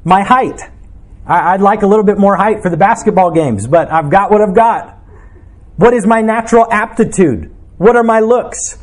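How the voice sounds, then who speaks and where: A man's voice: high voice, normal speed. A man, a pastor, preaching a sermon in an earnest, reflective way, asking his listeners questions.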